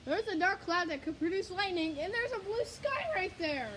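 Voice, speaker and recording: Excitable woman narrating a storm on her phone, high bright voice, rambling and breathless. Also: moderate pace, slight background noise, rough recording. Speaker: storm vlogger. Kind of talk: excited live storm commentary. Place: outdoors by a house, then a garage, in a windstorm. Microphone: handheld phone.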